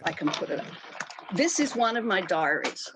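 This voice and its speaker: A woman's voice: mid-range voice, normal speed, noisy background. Chatty older woman telling stories. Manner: chatty, lively storyteller with many restarts. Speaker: guest, costume designer. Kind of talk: storytelling in a casual interview.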